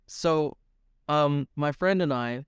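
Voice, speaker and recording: A man's voice: fairly high pitch, slow pace, clear, resonant tone, dry recording, studio quality. A man co-hosting a podcast in casual chat, rambling and teasing as he jokes with his friend. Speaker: podcast co-host.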